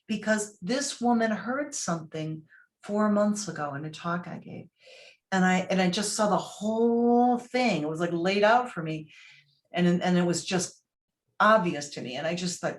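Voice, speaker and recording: A woman guest on a podcast interview, telling a personal story in a lively way and acting out what people said. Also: fairly low pitch, normal speed. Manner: lively storyteller who acts out quoted voices. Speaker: podcast guest, motivational speaker.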